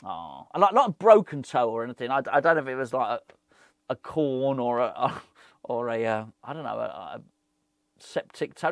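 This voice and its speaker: A man's voice: mid-range voice, very animated, normal speed, dry recording. Rambling man, dry sound. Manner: rambling, laughs often, self-deprecating. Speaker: football fan channel host. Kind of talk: casual chat to camera.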